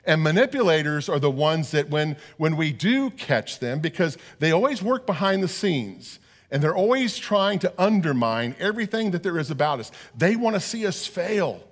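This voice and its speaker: A man's voice: fairly high pitch, big pitch swings, moderate pace. A middle-aged man preaching a sermon as pastor, earnest and often repeating words as he talks.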